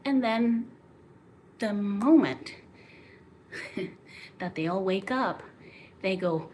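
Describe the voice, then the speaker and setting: A woman's voice: medium pitch, lively intonation, drawn-out words, pauses often, darkish tone, slight background noise. A woman vlogger in a casual monologue, retelling a story passionately and rambling, at times dropping to near whispers.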